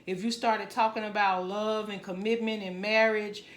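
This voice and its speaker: A woman's voice: medium pitch, little pitch movement, moderate pace. Earnest woman tarot reader in echoey room. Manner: conversational, earnest, leans on "you know" and "right?". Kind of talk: tarot love reading to camera.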